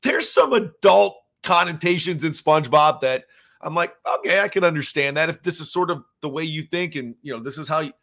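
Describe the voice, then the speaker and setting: A man's voice: a little high, fairly bright tone. A man hosting a solo podcast, talking casually and rambling with plenty of fillers as he shares his reactions as a father. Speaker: podcast host.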